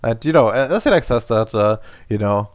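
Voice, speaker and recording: A man narrating a tabletop role-playing game as game master, halting with many fillers and restarts. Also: mid-range voice, lively intonation, no echo.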